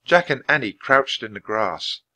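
A man reading a children's chapter book aloud at a clear, measured pace for English learners. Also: mid-range voice, expressive, pushed and bright. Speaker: storybook reader.

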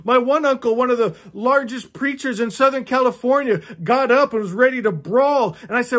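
A man's voice: very high-pitched, normal speed, hardly any pauses, fairly bright tone. A man in his fifties reading a novel aloud on his channel and breaking off for impassioned, preachy asides, chuckling often. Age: 50s. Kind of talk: earnest read-along commentary.

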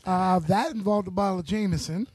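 High-pitched man recapping the night. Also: brisk, a little mellow, breathy edge. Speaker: podcast co-host. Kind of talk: casual chat.

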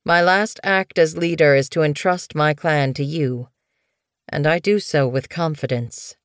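Lady reading a tired tomcat leader from a storybook, calm and formal, unhurried. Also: deep voice, no echo, studio quality. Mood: resigned. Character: weary male cat clan leader, resigned.

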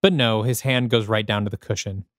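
A man's voice: lowish voice, fairly even intonation, fairly quick, dry recording, studio quality. A man, the host of a podcast, reading his own screenplay aloud with dramatic, descriptive present-tense narration.

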